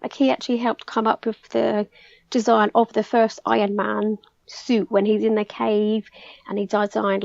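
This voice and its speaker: A young English woman chatting excitedly as a podcast guest, peppering her story with "like". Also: a little high, gravelly, no room sound, muffled recording. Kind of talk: casual chat.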